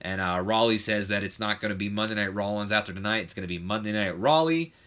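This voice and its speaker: A man's voice: fairly low pitch, a bit bright, muffled recording. A young man casually recapping a wrestling management game, chatty, with lots of fillers and self-corrections. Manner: does quick mock voices of others. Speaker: game commentator.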